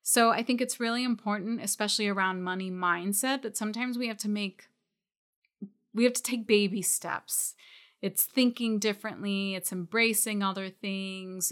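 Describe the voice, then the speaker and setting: A woman's voice: medium pitch, fairly even intonation, normal speed. A woman coaching shop owners, talking directly and encouragingly and calling listeners out when needed. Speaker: retail business coach. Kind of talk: coaching podcast talk.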